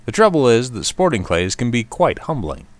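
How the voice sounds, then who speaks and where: A man's voice: mid-range voice, very animated, normal speed, no room sound. A man hosting a short outdoors radio segment, reading a scripted commentary in a wry, self-deprecating way.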